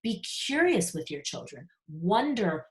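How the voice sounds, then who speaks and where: A woman's voice: medium pitch, very animated, a little slow. A woman giving parenting advice in a frank, conversational online talk, acting out short parent and child exchanges. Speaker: parenting speaker.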